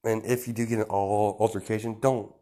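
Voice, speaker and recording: Man reading a caring mom, soft and motherly, near his own low voice. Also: flat delivery, fairly quick, lightly acted. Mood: gentle. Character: gentle caring mother, adult woman.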